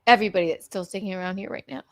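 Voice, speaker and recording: A woman's voice: medium pitch, racing, no echo, clean studio sound. A woman in her thirties hosting a late live stream, rambling and a little teary as she chats to viewers and signs off. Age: 30s. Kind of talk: casual live-stream chat.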